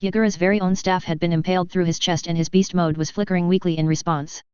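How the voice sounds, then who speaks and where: A reader narrating a first-person fan fiction story aloud in a brisk, even storytelling read. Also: mid-range voice, smooth, no echo. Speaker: audiobook reader. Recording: dull lo-fi recording.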